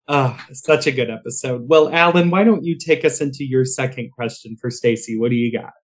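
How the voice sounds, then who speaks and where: A man's voice: medium pitch, brisk. A man hosting a podcast interview, reacting in an upbeat way and passing questions to the panel. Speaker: podcast host. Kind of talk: moderating an interview.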